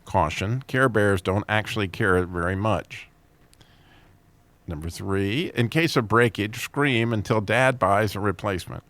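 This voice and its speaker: A man's voice: fairly low pitch, unhurried, fairly bright tone. A man reading jokes and funny stories as host, chuckling at his own punchlines and raising his voice for quoted characters.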